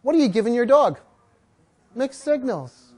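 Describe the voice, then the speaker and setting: Animated woman dog trainer teaching a class. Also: a little high, measured pace, slightly rough. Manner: animated storyteller, acts out dogs and owners, coaxes the group to repeat words. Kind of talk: live training class talk.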